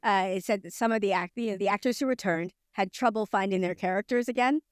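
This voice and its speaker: A woman's voice: medium pitch, fast talker, clear, resonant tone, dry recording, clean studio sound. A Canadian woman with a Canadian accent chatting on a podcast, laughing often as she talks. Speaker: podcast co-host. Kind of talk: casual podcast chat.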